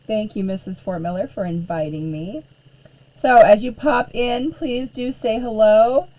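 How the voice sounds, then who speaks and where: Middle-aged woman, art teacher live-streaming, hoarse and slow-paced, chatty with lots of ums. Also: on the high side, mellow, poor audio. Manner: chatty, frequent throat clearing and fillers. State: losing her voice, hoarse. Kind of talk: casual live-stream chat.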